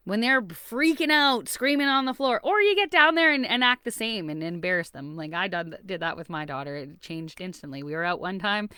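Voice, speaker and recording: A woman's voice: mid-range voice, fairly bright tone, smooth, no room sound, studio quality. A woman, a parent, talking casually to her viewers about relationships, laughing often and acting out little scenes as she explains. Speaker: vlogger giving relationship advice. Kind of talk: casual advice talk to camera.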